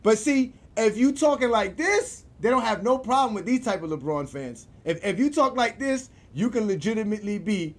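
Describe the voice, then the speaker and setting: Animated, profane man ranting casually. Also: sits high, normal speed, hardly any pauses. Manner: animated, profane, laughs often, repeats himself. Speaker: show host.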